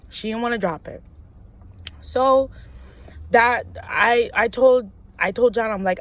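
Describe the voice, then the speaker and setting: A woman's voice: on the high side, takes it slowly, long pauses, a bit bright. A woman in her twenties telling a personal story in a casual vlog. She talks bluntly with lots of slang and swearing, and acts out both sides of a phone fight. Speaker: vlogger.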